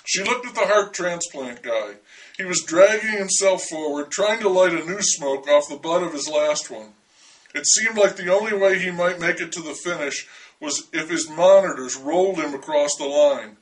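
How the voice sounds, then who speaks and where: A man's voice: fairly high pitch, moderate pace, distant mic, rough recording. A man narrating a first-person story in a dry, wry way.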